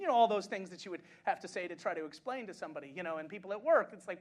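A male pastor from the United States preaching a sermon, swinging between impassioned shouting and chatty, laughing storytelling. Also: high voice, expressive, racing, hardly any pauses. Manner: chatty anecdote-telling with frequent laughs.

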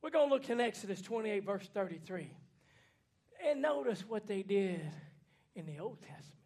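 A man preaching a fiery sermon in a church, folksy and plainspoken, swinging from hushed lines to shouting. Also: high-pitched, lively intonation, moderate pace. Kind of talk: fiery Pentecostal-style sermon.

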